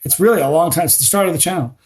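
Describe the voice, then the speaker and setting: A middle-aged man chatting casually as a podcast guest, telling animated stories and stumbling over repeated words when he gets going. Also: on the high side, rapid-fire.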